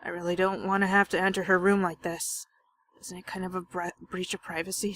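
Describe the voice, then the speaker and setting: A woman's voice: on the low side, fairly even intonation, brisk, fairly bright tone. A young woman reading a visual novel aloud as a game streamer, with dramatic, jokey and panicky reactions.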